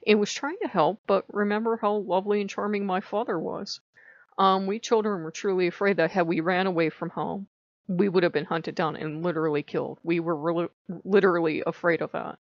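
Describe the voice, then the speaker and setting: A woman's voice: medium pitch, brisk, gravelly, no echo. A middle-aged woman vlogging about her own life, blunt and confessional, swearing freely as she tells her story. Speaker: spiritual vlogger. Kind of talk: candid personal storytelling. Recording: dull lo-fi home recording.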